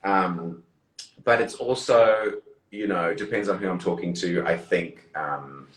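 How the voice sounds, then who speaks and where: A man's voice: low-pitched, measured pace, reverberant, poor audio. A man with a mixed Zimbabwean, Australian and British accent, chatting as an interview guest, rambling with many fillers and laughing often. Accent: mixed Zimbabwean, Australian and British English. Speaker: actor, guest. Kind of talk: casual chat.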